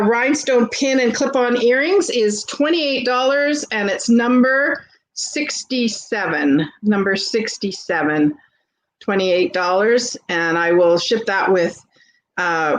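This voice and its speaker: A woman with a Canadian accent, hosting a live vintage sale and chatting warmly with viewers as she shows jewelry. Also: medium pitch, lively intonation, measured pace, rough recording. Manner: chatty and gushing, greets viewers by name. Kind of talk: casual live-stream selling.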